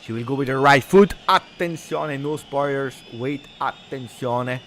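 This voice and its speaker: A man commenting live on a football match, switching between muttered play-by-play and shouting at big moments. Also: mid-range voice, a little slow, slight background noise. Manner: excitable, shouts at big moments, drops Italian words. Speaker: football fan streamer.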